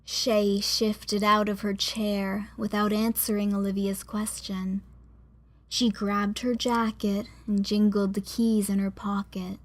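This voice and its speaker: This is scripted audiobook narration by a woman whose voice sits at medium pitch. She reads in a steady, expressive manner.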